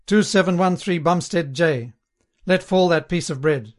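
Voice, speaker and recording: A man voicing a harsh male voice that roars slow, clipped orders. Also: on the high side, natural voice. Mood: commanding. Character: harsh commanding male voice over a loudspeaker.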